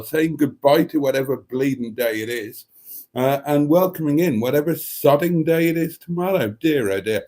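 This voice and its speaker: Chatting casually on his live stream, this man reads out viewer comments with camp theatricality, addressing listeners as darlings and rambling through muttered jokes at his own expense. His voice sits in the mid-range, a little slow and somewhat dark.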